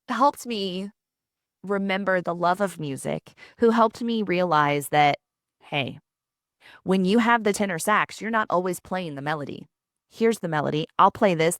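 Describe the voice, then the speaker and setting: A woman in her thirties hosting a solo podcast, telling personal stories in a lively, conversational way with laughs and asides. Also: fairly low pitch, dry recording, studio quality. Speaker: podcast host.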